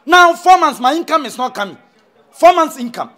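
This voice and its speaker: A man's voice: very high voice, expressive, moderate pace, sharp tone, full character voice. An actor with a Ghanaian accent playing a threatening fetish priest who is also a student, blustering and repeating his threats. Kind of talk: comedy film acting.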